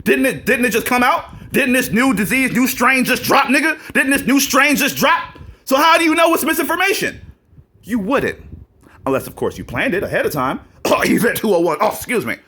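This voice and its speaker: A man ranting to camera in a vlog, profane and combative, firing off rhetorical questions and breaking into mocking laughs. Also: sits high. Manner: mocking laughs and loud outbursts. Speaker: vlogger.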